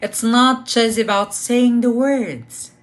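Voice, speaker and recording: A woman presenting the final strategy, reading with clear emphasis and pauses. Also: on the high side. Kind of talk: scripted lesson presentation.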